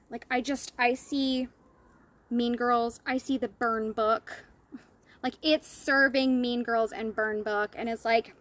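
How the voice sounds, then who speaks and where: A woman's voice: a little high, fairly bright tone. A woman business coach talking straight to her audience in a blunt, profane, fired-up monologue. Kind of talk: impassioned monologue to camera.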